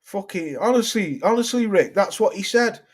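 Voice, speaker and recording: A man's voice: high voice, animated, normal speed. Sweary man ranting about boxing. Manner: sweary, exasperated, reads out viewer comments. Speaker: boxing channel host. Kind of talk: casual livestream rant.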